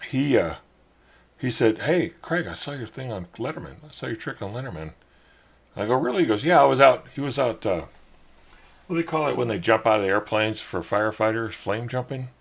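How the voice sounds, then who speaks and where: Gravelly middle-aged man telling a story. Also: on the low side. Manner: rambling, animated when quoting others. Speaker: podcast host. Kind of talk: casual storytelling.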